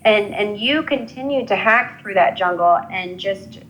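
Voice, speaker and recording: Earnest halting woman psychic reader. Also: mid-range voice, expressive, fairly bright tone, a little hiss or hum, poor audio. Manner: halting, many restarts and fillers, earnest. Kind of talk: live intuitive reading, casual.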